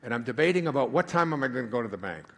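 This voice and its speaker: A man giving a live spiritual talk, who tells a rambling personal story and then reads aloud slowly and with emphasis. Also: mid-range voice, lively intonation. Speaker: spiritual speaker. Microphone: handheld microphone.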